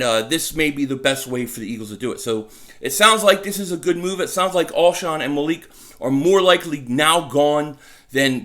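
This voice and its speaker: A man gives casual fan commentary from his home mic. His voice sits a little high and comes across bright and forceful. He gets worked up easily, stammers and repeats phrases as he goes. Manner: excitable, repeats himself, stumbles over words. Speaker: sports vlogger. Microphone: desk mic.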